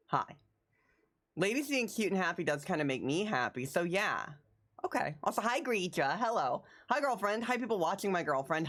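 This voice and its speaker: Woman livestreamer, excitable and rambling, animated pitch swings, slightly low voice. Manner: excitable, rambling, repeats phrases. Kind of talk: casual live-stream chat.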